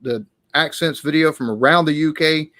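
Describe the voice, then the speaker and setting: A man's voice: on the high side, moderate pace, bright, forceful tone, dry recording. A man hosting a casual live-stream Q&A, talking in a rambling, hesitant way with many restarts.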